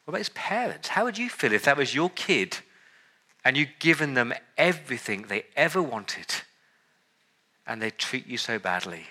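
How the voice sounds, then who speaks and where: Male pastor, sermon, very bright voice, emphatic, repeats words for emphasis. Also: medium pitch, sing-song, normal speed.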